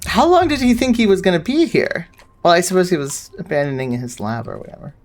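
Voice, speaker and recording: A lower-voiced woman streamer with an excitable, profane delivery. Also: brisk, faint music behind. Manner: excitable, swears, reads game dialogue aloud. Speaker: game streamer. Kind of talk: let's-play commentary.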